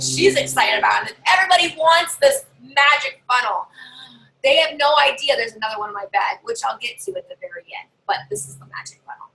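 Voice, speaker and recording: A woman's voice: on the high side, gravelly, heavy background noise. A woman giving casual how-to tips to camera as a party sales consultant, chatty and bossy, talking from her desk at home. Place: home desk with a drawer and her dog nearby.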